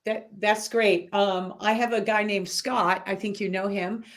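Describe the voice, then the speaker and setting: A woman's voice: mid-range voice, fairly even intonation, a little slow. A woman from Massachusetts hosting a casual online chat, laughing often and filling gaps with "um". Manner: chatty, laughs often, many "um" fillers. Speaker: host. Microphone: online video call.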